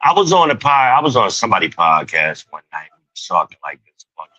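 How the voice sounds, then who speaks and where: A man's voice: lowish voice, very animated, brisk, bright, forceful tone, slightly rough, dry recording, dull audio. A man hosting a podcast, talking loosely with swearing and frequent laughs. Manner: loose, profane, laughs often. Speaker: podcast host. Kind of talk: casual chat.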